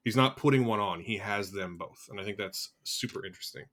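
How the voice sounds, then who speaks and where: A man chatting on a podcast, animated and teasing, laughing often. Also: fairly low pitch, brisk. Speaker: podcast co-host. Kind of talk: casual chat.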